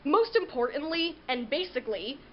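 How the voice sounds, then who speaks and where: A woman's voice: high-pitched, lively intonation, moderate pace, dull audio. A woman from New England with an American accent hosting a comedic how-to vlog in a playful, chatty way that leans on filler words. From New England, United States. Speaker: vlog host.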